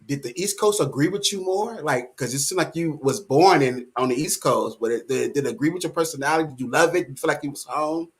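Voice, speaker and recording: A man's voice: on the high side, brisk, hardly any pauses. A man hosting a casual interview, asking curious questions. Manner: curious questioner with short affirmations. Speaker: interviewer, host.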